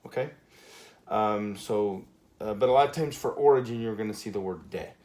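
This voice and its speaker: A man teaching a Spanish grammar lesson at a whiteboard, relaxed and full of fillers, checking in with "okay" often. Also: fairly low pitch, moderate pace. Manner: relaxed, many fillers and okays.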